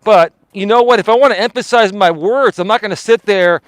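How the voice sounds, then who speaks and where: A man with a high voice rants on his live stream, swearing and hammering the same point over and over. He projects hard for emphasis, and the sound is close and dry. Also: fairly quick, no echo, poor audio. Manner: confrontational, profane, emphatic and repetitive. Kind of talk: heated live stream rant.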